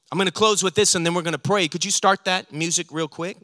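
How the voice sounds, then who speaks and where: High, bright-voiced preaching pastor. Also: male voice, fast, no room sound, studio quality. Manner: animated preaching, acts out dialogue. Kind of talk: sermon.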